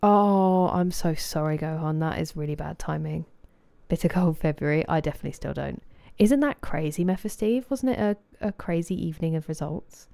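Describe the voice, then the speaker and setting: A woman's voice: low-pitched, moderate pace, creaky, few pauses, warm tone, no room sound. A woman from southeast England with a southeast English accent, chatting casually with live viewers while streaming a game and greeting them by name.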